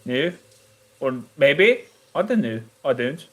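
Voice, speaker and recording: A man playing a tabletop game over voice chat, chatting in a middling voice. He speaks in a halting way, stopping and restarting with likes and uhs. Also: medium pitch, sing-song, fairly bright tone. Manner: halting, with fillers. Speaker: player.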